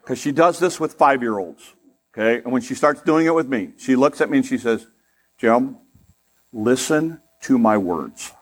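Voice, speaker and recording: A middle-aged man preaching a sermon in a conversational way, with humorous asides and rising emphasis, turning softer and slower when he prays. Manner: softer, slower and lower in prayer. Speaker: pastor.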